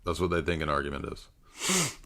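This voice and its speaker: A man's voice: extremely low pitch, wildly swooping pitch, moderate pace, bright, forceful tone. A man giving casual live-stream commentary on a debate, mocking and sardonic in tone.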